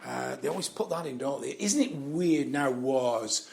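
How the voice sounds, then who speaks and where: A man's voice: medium pitch, measured pace, vocal fry. A man giving rambling, casual commentary on the news, swearing freely, chuckling often and trailing off with fillers. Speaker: vlogger.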